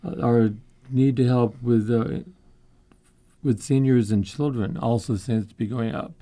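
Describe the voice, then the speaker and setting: A man's voice: mid-range voice, fairly even intonation, unhurried, mellow. A man with a New England accent, a food pantry representative explaining things matter-of-factly as a radio guest.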